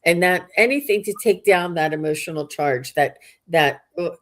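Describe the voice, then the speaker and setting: A woman's voice: lowish voice, normal speed. A woman hosting a live psychic reading stream, chatty and reading viewers' comments aloud.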